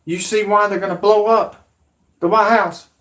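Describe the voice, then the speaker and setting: A man in his forties with a drawl rants at his audience in a combative, profanity-laced monologue. His voice sits somewhat high for a man. He sounds like a channel host talking straight to camera. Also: fairly even intonation, normal speed. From Alabama, USA. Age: 40s. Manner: profane, combative, shouting at viewers. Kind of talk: angry ranting monologue.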